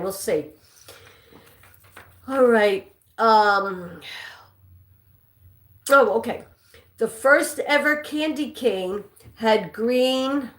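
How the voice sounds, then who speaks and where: A woman hosting a live trivia stream, chatting casually and reading out viewer names and answers, with a non-native English accent. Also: medium pitch. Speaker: livestream trivia host. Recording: echoey room.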